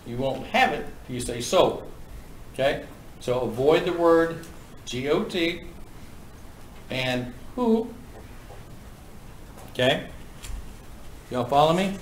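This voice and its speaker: Man, folksy instructor, slightly high voice, echoey classroom from a distance. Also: expressive, a little hiss or hum. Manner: folksy, brisk, joking with the class. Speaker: auctioneering instructor. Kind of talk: classroom lecture. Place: classroom with students.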